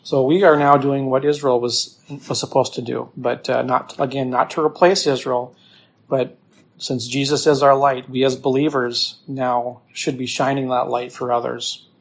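A man, teaching as a pastor through a scripture passage in a relaxed sermon, repeating himself with fillers as he explains. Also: mid-range voice, normal speed.

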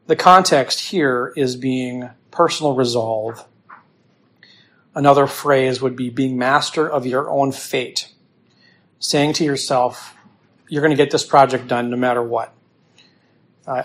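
Man, pastor, bible teaching, plain mid voice, repeats himself. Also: mid-range voice. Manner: explains scripture plainly with fillers and repeats. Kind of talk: sermon.

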